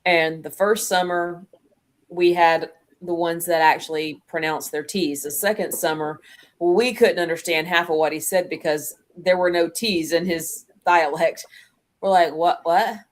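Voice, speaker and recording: Give me a chatty woman with a low voice hosting a casual live stream. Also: fairly even intonation, measured pace. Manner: chatty, laughs easily. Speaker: host. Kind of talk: casual chat. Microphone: video call.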